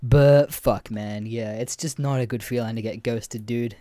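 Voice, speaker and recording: A man's voice: mid-range voice, unhurried, no room sound. Young dude rambling his dating stories, cursing a lot, mid voice, dead dry room. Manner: swears a lot, animated retelling with laughs. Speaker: podcast host. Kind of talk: casual storytelling chat.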